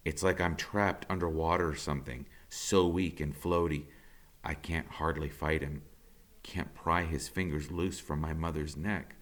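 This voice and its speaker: Man reading a novel aloud, bright. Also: low voice, normal speed. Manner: expressive storytelling, rising to intensity.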